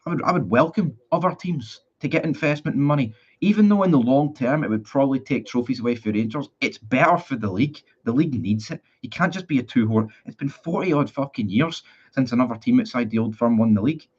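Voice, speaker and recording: A man's voice: mid-range voice, animated, fast, few pauses, a little mellow, husky. Man, 20s, Northern Irish accent, casual live-stream chat, rambling, blunt, swears, muffled lo-fi sound. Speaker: football fan streamer. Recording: dull lo-fi sound.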